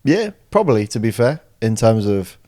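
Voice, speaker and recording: Animated young man telling stories. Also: lowish voice, moderate pace. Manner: animated storyteller, acts out friends' lines. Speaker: podcast co-host. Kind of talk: casual chat.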